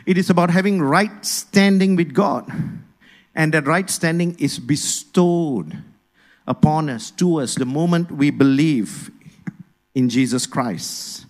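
A man delivers a sermon from the pulpit, with a voice pitched well above most men. He speaks with energy and keeps calling on the congregation to answer and repeat his words. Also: slow pace. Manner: energetic, rousing congregation to respond. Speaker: pastor.

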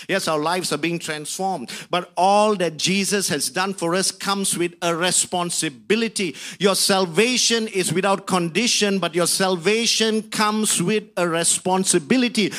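High-pitched impassioned male preacher. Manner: impassioned, rising to shouts on key phrases; drawn-out emphasis on key words. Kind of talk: sermon.

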